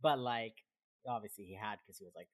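A woman's voice: very deep voice, fairly quick. A woman co-hosting a casual chat about a TV episode, acting out the characters' lines and swearing freely. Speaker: podcast co-host.

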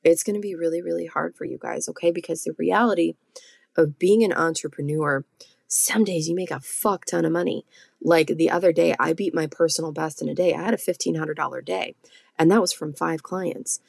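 A blunt woman talks straight to her listeners in a casual solo podcast, swearing freely and tagging "okay?" onto her points. Her voice sits low with a gravelly edge. The sound is close and dry. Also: fairly even intonation, fairly quick, darkish tone, no room sound. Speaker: podcast host and med spa owner.

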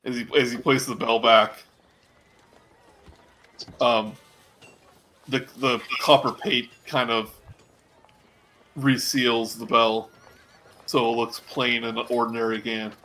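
A man runs a tabletop game as its game master, narrating at an unhurried pace. His voice is bright and mid-pitched, broken by frequent ums. Faint noise sits behind him. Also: flat delivery, poor audio. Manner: halting, many ums.

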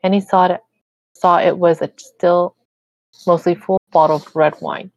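Woman, lowish voice, reading a story aloud, relaxed with slips, dull dry lo-fi home recording. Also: measured pace, no echo. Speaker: reader of fan fiction.

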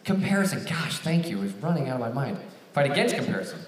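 A young man preaches to a crowd, telling a story and jumping into big excited voices for each character. His pitch swings widely as he goes. The sound is roomy and picked up from a distance. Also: fast talker, slight background noise. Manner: animated, acts out phone dialogue in raised voices. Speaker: campus ministry speaker. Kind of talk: storytelling sermon to a live audience. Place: large hall with an audience. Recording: echoey hall, picked up from a distance.

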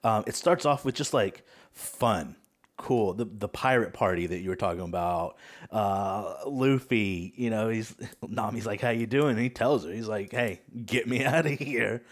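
A man hosting a casual podcast chat, talking in a relaxed, hesitant way with many fillers and frequent laughs. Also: fairly low pitch, measured pace. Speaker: podcast host.

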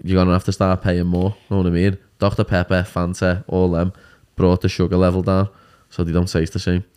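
Young man, Liverpool accent, deep low voice, blunt laddish banter; casual guest chat. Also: completely flat delivery, brisk, a little mellow, clear, resonant tone. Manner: blunt, laddish, says "lad" often. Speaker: MMA fighter, guest.

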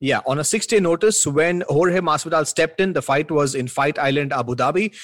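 A man's voice: on the high side, fairly quick, dry recording, studio quality. A man co-hosting a sports podcast, joking with his co-host and sometimes announcing like a ring emcee. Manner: announcer-like, teasing. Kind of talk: casual sports chat.

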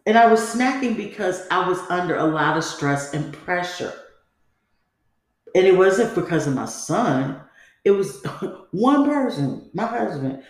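A woman's voice: on the low side, expressive, measured pace. A woman hosting a podcast, telling a personal story in a candid, rambling, conversational way. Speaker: podcast host. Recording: very echoey room.

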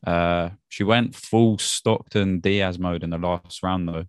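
A man with a very deep voice talks through a night of fights in a relaxed, laughing way, dropping "mate" here and there. The sound is dry and close. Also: slow pace, clean tone, dry recording. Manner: laid-back, laughs often, British slang like "mate". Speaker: podcast co-host. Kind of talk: casual MMA fight recap.

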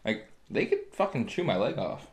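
A man's voice: mid-range voice, very animated, normal speed, roomy sound. A man co-hosting a podcast in casual, joking banter, swearing a lot and talking bluntly. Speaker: podcast co-host.

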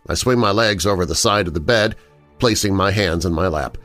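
A man narrating a first-person horror story in an expressive storytelling manner. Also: low-pitched, normal speed, soft background music.

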